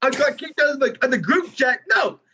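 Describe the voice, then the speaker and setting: A man's voice: very high voice, lively intonation, a little fast, a loud crowd, low-quality recording. A man performing live improv comedy, talking in a frantic, panicky rush.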